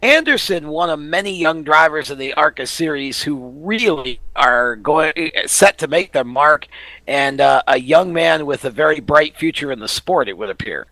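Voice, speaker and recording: A man hosting a motorsports radio talk show, speaking in an upbeat, measured way with occasional fillers. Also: fairly high pitch, animated, pushed and bright, no echo.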